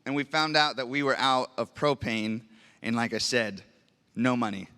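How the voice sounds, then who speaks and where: A man's voice: medium pitch, moderate pace, bright, forceful tone, smooth. Earnest young man preaching in reverberant hall. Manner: earnest, grows emotional, acts out prayers. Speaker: pastor. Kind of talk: sermon with personal story. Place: large church hall.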